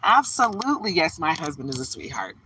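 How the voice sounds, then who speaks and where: A woman's voice: deep voice, huge pitch swings, fairly quick, sharp tone, slight background noise, low-quality recording. Bubbly woman chatting on a livestream. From Detroit, Michigan, USA. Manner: bubbly, greets viewers by name, laughs often. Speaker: livestream tarot reader. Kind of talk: casual livestream chat.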